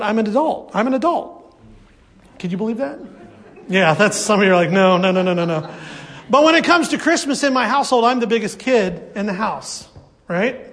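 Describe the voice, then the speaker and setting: A man preaching a sermon at a church service, lively and acting out the voices of his congregation. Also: very high voice. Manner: animated, acts out congregation voices. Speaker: pastor.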